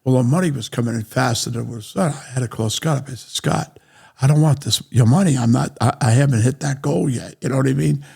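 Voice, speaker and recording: Gravelly New England man telling stories. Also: mid-range voice, a little fast. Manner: animated anecdotes, acting out other people's lines. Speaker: real estate developer. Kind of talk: storytelling in a podcast interview.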